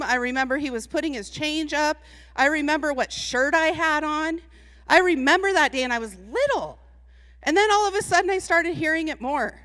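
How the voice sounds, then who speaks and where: A woman giving a lively, comedic motivational talk to a live audience, chatty and teasing, laughing often. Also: sits high. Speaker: speaker at a live event. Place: large hall with an audience. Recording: long reverb from a large hall.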